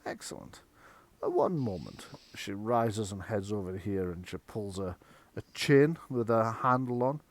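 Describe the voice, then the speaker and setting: A man's voice: lowish voice, expressive, measured pace. A man narrating as game master for a tabletop game, rambling with many fillers as he describes the world.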